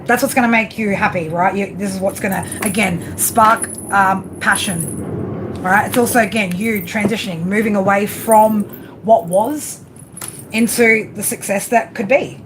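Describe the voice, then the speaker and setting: A woman's voice: mid-range voice, normal speed, background noise. A woman giving a live tarot reading, talking casually and bluntly, repeating herself and tagging "right?" onto her points. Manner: casual, repetitive, tag questions; affectionate, blunt, swears. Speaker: tarot reader.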